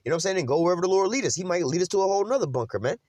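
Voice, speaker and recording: A man's voice: sits high, expressive, racing, darkish tone, no room sound, studio quality. A man giving an informal scripture teaching, preachy and mocking, full of street slang and cursing. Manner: frequent "man" and "you know what I'm saying". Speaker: religious teacher.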